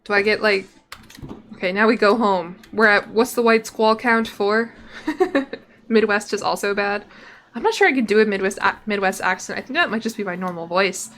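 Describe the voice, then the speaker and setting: A woman with a Southern accent streams a strategy game, chatting loosely with her viewers. She reads the game's event text aloud between wry asides. Her voice sits at a middle pitch over a faint background hum. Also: moderate pace, a bit bright. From Tennessee, US.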